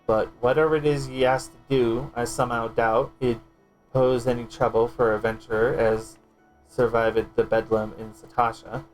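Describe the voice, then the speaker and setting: A man voicing a gruff, folksy male guildmaster, reading quest lines aloud in an old-fashioned dialect full of ye and lass. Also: mid-range voice, flat delivery, soft background music, voice pushed down, close to an everyday voice, low-quality recording. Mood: hearty. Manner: reading quest text aloud, a bit halting.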